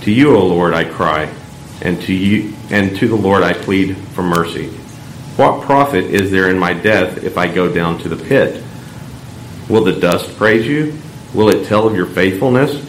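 A man reading scripture aloud in church, measured and solemn. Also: deep voice. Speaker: lector. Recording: echoey church room, faint background hum.

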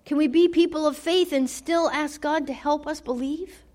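A woman preaching a sermon, dramatic, swinging from loud declarations to hushed near-whispers. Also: sits high, moderate pace.

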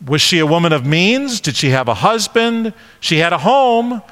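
A man preaching a conversational sermon, animated and full of questions. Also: high-pitched, normal speed, in a large hall.

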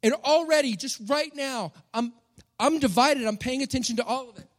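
A man's voice: very high voice, normal speed. A man, a pastor giving a conversational, humorous sermon that keeps checking in with the crowd.

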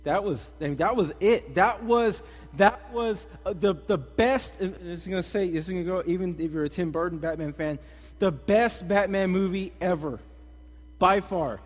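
A young man giving a casual, slangy sermon as a pastor, animated and energetic in his storytelling. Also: high voice, moderate pace. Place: church hall. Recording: long reverb in a hall.

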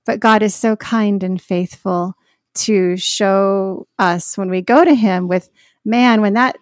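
A woman speaking as a podcast guest in a Christian conversation, earnest and heartfelt, with soft laughs. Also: medium pitch, no room sound, clean studio sound.

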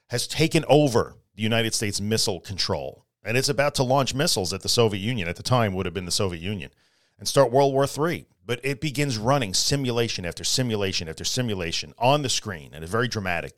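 A man's voice: on the low side, animated, fast talker, no echo, clean studio sound. A middle-aged man hosting a solo podcast, talking casually but earnestly and repeating his key phrases for emphasis. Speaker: podcast host.

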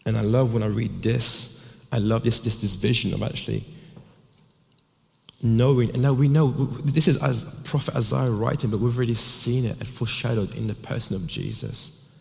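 A man's voice: medium pitch, fairly even intonation, normal speed, creaky, a little mellow, in a large hall. A man in his thirties preaching a sermon, telling a personal story earnestly and often restarting his words.

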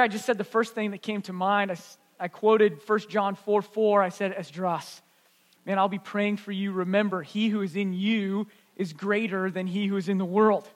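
A man's voice: extremely high pitch, a bit bright, long reverb tail. A man pastor telling a story in an earnest, conversational sermon.

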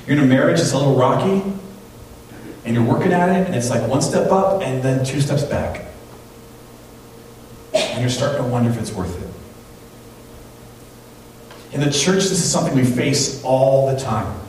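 A man preaching a sermon in a church, talking in a conversational, animated way and acting out the people in his stories. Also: medium pitch, normal speed, pauses often, distant mic, a little hiss or hum. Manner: conversational, animated storytelling with quoted voices. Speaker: pastor. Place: church sanctuary. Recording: very echoey hall, voice from off-mic.

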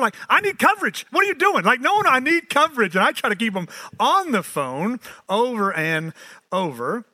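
A man, preaching a sermon as pastor, animated and storytelling with self-mocking asides. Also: high voice, no echo.

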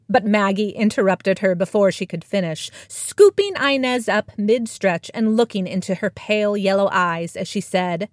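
Slow, expressive woman reading a children's story. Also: medium pitch, no echo, clean studio sound. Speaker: storyteller and author.

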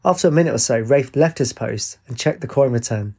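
A man narrating an audiobook in an even, measured way. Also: medium pitch, breathy edge.

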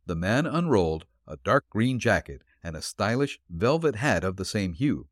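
A man reading a detective story aloud in a steady, measured storytelling manner. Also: lowish voice, no room sound, studio quality. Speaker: audiobook narrator. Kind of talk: scripted narration of a detective story.

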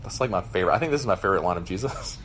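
A man's voice: sits low, expressive, racing, fairly bright tone, a little hiss or hum. A man in his thirties preaching a sermon to a gathered audience, earnest and conversational, with frequent fillers and restarts. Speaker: pastor. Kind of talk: sermon with scripture reading.

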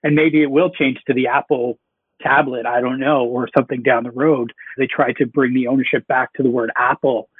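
A man's voice: medium pitch, steady tone, a little fast, husky, no echo. A man in a casual panel discussion, chatting loosely about brands over a remote connection. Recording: tinny phone-like line.

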